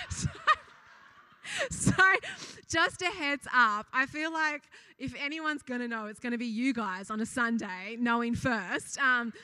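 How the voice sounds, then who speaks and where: A woman's voice: on the high side, measured pace, sharp tone, no room sound. A young woman giving a casual sermon at church, chatty and giggly, often breaking off to laugh and reading funny stories to the congregation. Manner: reads funny anecdotes aloud to the congregation. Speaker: church speaker.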